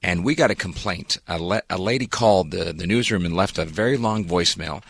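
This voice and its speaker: A man's voice: sits low, fairly quick, vocal fry, a bit bright, husky, no room sound. A man hosting a morning radio show, chatty and jokey, talking into a studio mic. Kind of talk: casual morning radio banter.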